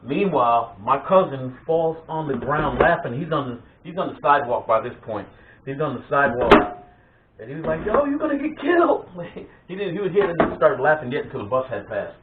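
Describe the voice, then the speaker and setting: A man hosting a vlog, casually telling family stories in an animated way, often laughing and restarting his sentences. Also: medium pitch, fairly quick, noisy background. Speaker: vlog host. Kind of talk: casual storytelling of family memories. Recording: tinny phone-like sound in an echoey room.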